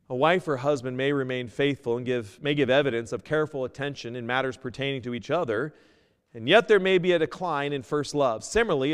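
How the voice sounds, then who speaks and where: A man preaching a sermon as pastor, earnest, moving between loud emphasis and a quiet plea. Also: on the high side, clean tone, big-room sound. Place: church sanctuary.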